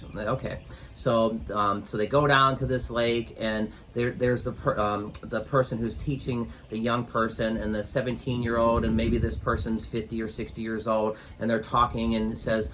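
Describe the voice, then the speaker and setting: A man giving business advice as an interview guest, rambling with many pauses and filler sounds as he tells a motivational story. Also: medium pitch, a little hiss or hum. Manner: rambling, many ums, grows animated when retelling.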